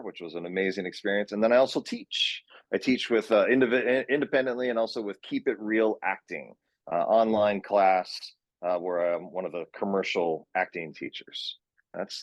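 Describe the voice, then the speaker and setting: Chatting casually as a guest, a Minnesota man in his forties recounts meandering anecdotes from his acting and casting work as an actor and session director. He has a fairly low voice, recorded with no room sound.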